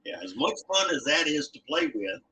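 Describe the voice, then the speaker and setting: A man's voice: fairly high pitch, sing-song, moderate pace, pushed and bright. A man who is a podcast guest and martial arts instructor, chatting with a wry, joking manner. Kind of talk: casual podcast conversation. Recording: distant from the mic.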